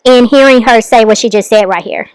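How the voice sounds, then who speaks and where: A woman giving careful, measured commentary on a live recording. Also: a little high, clean tone, dry recording, low-quality recording.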